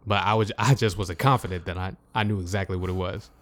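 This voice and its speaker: A young man with a fairly low voice, chatting easygoing as a podcast co-host and reading listener shout-outs. The sound is dry and close. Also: steady tone, quick pace, no echo. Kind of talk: casual podcast chat.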